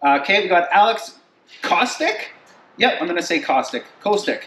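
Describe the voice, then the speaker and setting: A man's voice: high voice, expressive, fast talker, bright, forceful tone. A man casually reading supporter messages aloud as co-host, stumbling over names and chuckling with the others. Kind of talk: casual chat. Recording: echoey room with faint noise.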